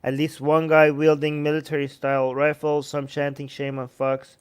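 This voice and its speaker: A man's voice: fairly high pitch, monotone, moderate pace, heavy background noise. A man hosting a live-stream commentary, reading news snippets aloud and reacting to viewer comments with sarcastic asides. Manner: sarcastic, mocking impressions of others. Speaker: host.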